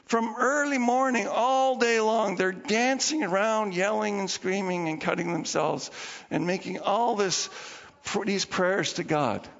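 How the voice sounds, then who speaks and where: A man preaching a sermon as pastor, telling the story in an animated way and acting out the people in it. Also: high voice, unhurried, vocal fry, soft background music. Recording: dull lo-fi recording with long hall reverb.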